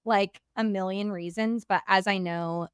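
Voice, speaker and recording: A woman's voice: medium pitch, fairly even intonation, measured pace, clean tone, no echo, clean studio sound. A young woman hosting a podcast, chatting casually in a bubbly, gushing way and saying "like" often. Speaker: podcast host.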